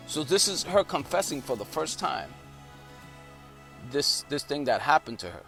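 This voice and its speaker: A man's voice: fairly high pitch, animated, a little slow, pauses often, a bit bright, faint music behind. Emphatic evangelist man telling a testimony. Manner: emphatic storytelling with rising intensity. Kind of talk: preaching a testimony story.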